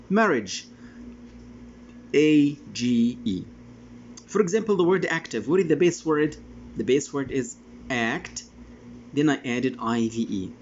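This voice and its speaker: A male English teacher giving a classroom vocabulary lesson, speaking deliberately and spelling letters out one by one. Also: medium pitch, dull audio, a little hiss or hum.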